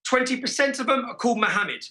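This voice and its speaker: A man's voice: extremely high pitch, animated, quick pace, pushed and bright. A man giving an impassioned political statement in a played clip, emphatic and stumbling over restarts.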